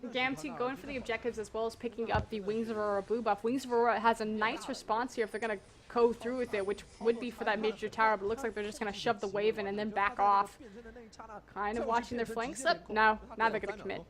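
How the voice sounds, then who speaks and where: A woman's voice: on the high side, fairly even intonation, a bit bright. A woman casting a live esports match, breaking down team plays and objectives. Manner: analytical, brisk. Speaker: esports caster. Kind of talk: live play-by-play commentary.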